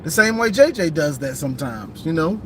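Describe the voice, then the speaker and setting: High-voiced man talking sports. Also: brisk. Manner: emphatic, lively, repeats and restarts phrases. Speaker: sports vlogger. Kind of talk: casual sports talk. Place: in a car while driving. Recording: road noise from a moving car.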